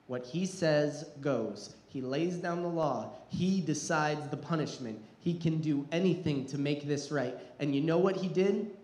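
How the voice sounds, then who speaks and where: A man's voice: mid-range voice, darkish tone, echoey room, low-quality recording. A man preaching a sermon as pastor, earnest and building in intensity, sometimes repeating words as he restarts.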